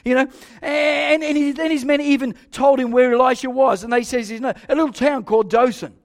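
An older man preaching a sermon, telling a story animatedly with soft asides and loud exclaims. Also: very high voice.

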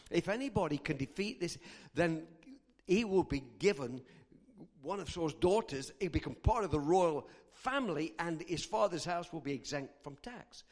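A man preaching a sermon, telling a story and acting out the characters' lines. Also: fairly high pitch. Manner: animated, acts out characters' lines. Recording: long hall reverb.

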